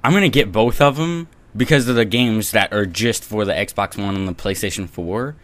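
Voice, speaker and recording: A young man hosting a gaming podcast, quick to laugh and steering the talk. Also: lowish voice, a bit bright, no echo. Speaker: podcast host. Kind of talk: casual chat.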